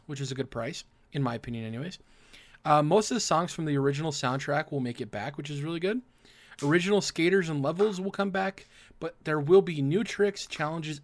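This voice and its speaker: A man hosting a casual gaming podcast, his throat rough and raspy from acid reflux, leading segments and asking his co-hosts questions. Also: fairly high pitch. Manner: runs the segments, asks the panel questions. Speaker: podcast host.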